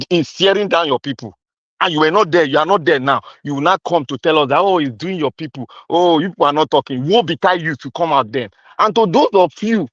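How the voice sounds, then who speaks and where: A man's voice: a little high, a bit bright, no room sound, lo-fi sound. Angry Nigerian man in a political rant. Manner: angry, accusing, repetitive; mixes in pidgin. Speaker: commentator.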